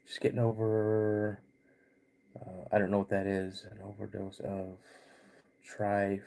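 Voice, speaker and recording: Middle-aged male host, unhurried, rambling delivery, tail end of a cold with frequent throat clearing. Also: fairly low pitch, completely flat delivery, dark tone. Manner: laid-back and rambling, greets chat viewers between stories. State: getting over a cold. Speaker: podcast host. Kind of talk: casual livestream chat.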